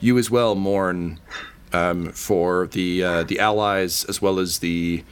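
Male game master narrating a tabletop game; low voice, hesitant delivery full of fillers, swears casually. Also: fairly even intonation, takes it slowly, a little hiss or hum.

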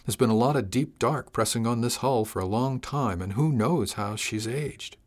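A man's voice: medium pitch, moderate pace, lightly acted. A man voicing a blunt but caring female ship's chief engineer, speaking frankly and practically in an audiobook. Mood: earnest. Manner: frank, practical, gently worried. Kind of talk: audiobook character voice.

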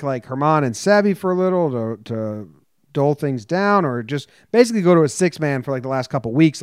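A laid-back podcast co-host who talks his thoughts through with a wry edge. His pitch sits in the middle and the sound is dry and close. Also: clean tone, dry recording. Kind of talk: casual chat.

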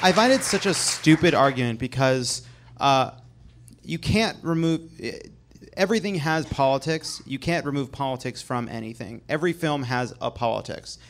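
A man's voice: medium pitch, expressive, moderate pace, a little hiss or hum. Man, comedy show host, mid-range voice, argumentative, comic commentary.

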